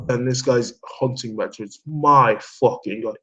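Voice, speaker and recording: A man hosting a casual online hangout, rambling excitedly in loose commentary, swearing often, laughing and talking himself in circles. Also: medium pitch, unhurried, dull audio. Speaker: host of an online discussion hangout.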